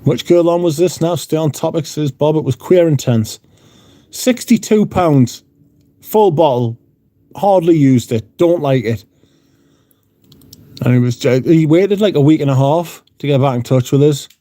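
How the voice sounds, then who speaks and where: Sweary man with a dark, mellow voice. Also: on the high side, expressive, measured pace, no echo. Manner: sweary, blunt. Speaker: livestream host. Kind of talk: casual chat reading out viewer comments. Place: room at home.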